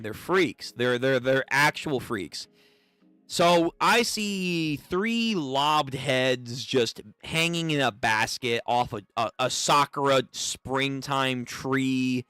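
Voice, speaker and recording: A man's voice: mid-range voice, animated, slow pace, sharp tone, clean tone, no room sound, soft background music. A man reading manga chapters aloud and reacting in casual, profane commentary, stammering and restarting as he talks.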